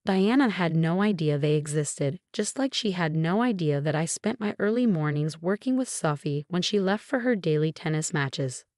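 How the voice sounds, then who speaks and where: Low-voiced woman narrating a story. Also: lively intonation, normal speed, hardly any pauses, darkish tone, dry recording, studio quality. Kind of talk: first-person scripted story narration.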